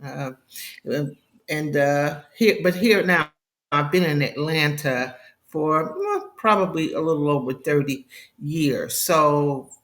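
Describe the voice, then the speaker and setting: A woman's voice: low voice, takes it slowly, a bit bright. Chatty woman with faint Brooklyn accent. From Brooklyn, New York. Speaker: guest author and therapist. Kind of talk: live podcast interview.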